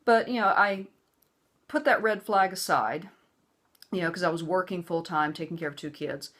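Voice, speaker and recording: A middle-aged woman vlogging a personal story straight to camera. Her voice sits slightly low, and she talks in an earnest, emphatic way, driving her advice home as if lecturing. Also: moderate pace. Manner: acts out quoted voices, hushed and soothing or raised and angry.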